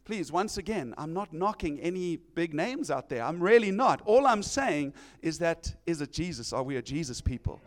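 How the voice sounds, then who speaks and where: High-voiced man preaching animatedly. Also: normal speed, hardly any pauses. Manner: animated, acting out quoted voices. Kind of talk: sermon.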